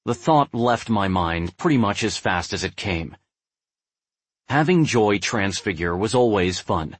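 A young adult man narrating a first-person novel in a measured, brooding way. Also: on the low side, animated, husky, dry recording. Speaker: audiobook narrator.

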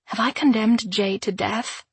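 A woman narrating a first-person audiobook in a measured, introspective way. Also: fairly high pitch, steady tone, husky, no room sound.

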